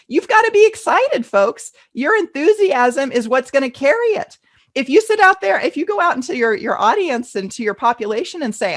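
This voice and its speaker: A woman's voice: high-pitched, very animated, fairly quick. A middle-aged woman teaching a live online class, reading out attendee questions and answering them in a chatty, enthusiastic way. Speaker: fundraising event consultant teaching a class.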